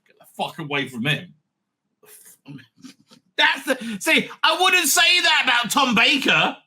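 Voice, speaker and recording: A middle-aged man talks through a casual live-stream review, rambling, swearing and laughing at his own jokes. His voice sits high and swings widely in pitch. It sounds bright and sharp. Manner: rambling, profane, laughing often. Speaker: rabbi and show host.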